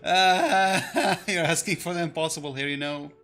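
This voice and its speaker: Laughing streamer with quick asides. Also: medium pitch, fairly bright tone. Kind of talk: casual commentary over a game reading. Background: lo-fi background music.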